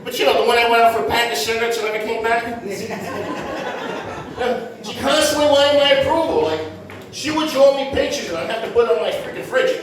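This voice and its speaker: Brash high-voiced middle-aged comic, roomy. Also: male voice, fairly quick, crowd noise. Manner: brash, self-mocking storytelling with street slang. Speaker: stand-up comedian. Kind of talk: stand-up comedy set. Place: comedy club stage. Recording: roomy echo from far off.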